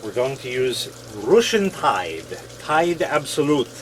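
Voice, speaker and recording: A man's voice: medium pitch, big pitch swings, slow, a bit bright. A man hosting a laundry video, chatting casually and playfully as he sets up washing machines. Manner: playful, jokey. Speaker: host. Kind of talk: casual demonstration chat. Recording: noisy with running water.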